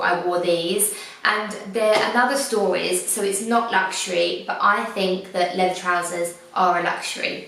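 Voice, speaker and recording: A woman's voice: lowish voice, a bit bright. Woman vlogger, chatty haul review, a bit far from the mic, faint hiss. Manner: chatty, enthusiastic, rambling with restarts. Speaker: fashion vlogger. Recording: very echoey room, away from mic.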